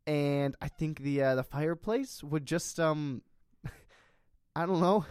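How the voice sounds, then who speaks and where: A man in his early twenties co-hosting a casual comedy chat, deadpan and hesitant with many fillers. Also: fairly high pitch, slow pace, clean tone, dry recording, clean studio sound. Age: 20s. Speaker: podcast co-host.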